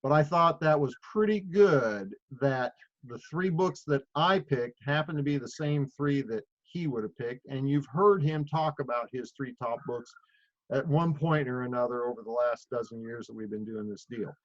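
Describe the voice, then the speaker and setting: A man's voice: medium pitch, moderate pace. A middle-aged man leading a group call with a casual, rambling, storytelling way of talking and many fillers. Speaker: leader of a sales group call. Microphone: phone or video call. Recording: muffled call audio.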